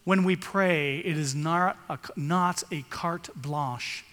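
A man's voice: a little high, slow, few pauses, fairly bright tone, big-room sound. A male pastor giving an earnest sermon, reading scripture aloud and rising for emphasis.

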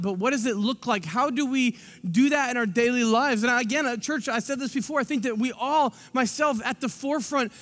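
A man in his thirties, a pastor preaching a sermon in a church, animated and breaking into acted-out scenes with quick asides. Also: very high voice. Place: church sanctuary. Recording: long hall reverb.

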